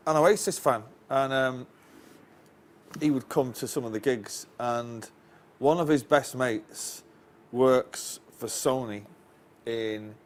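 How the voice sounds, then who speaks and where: A man's voice: mid-range voice, slow. A man with a Northern English accent, a guest casually telling a long anecdote, rambling and restarting his lines. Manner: rambling storyteller, chuckles often, restarts lines. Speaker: interview guest.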